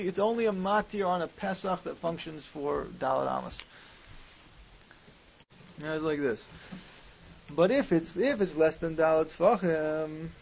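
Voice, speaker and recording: Through muffled lo-fi audio with a faint hiss comes a high-pitched, gravelly man's voice. He's teaching a Talmud class in a questioning manner, reasoning aloud and using Hebrew and Aramaic terms.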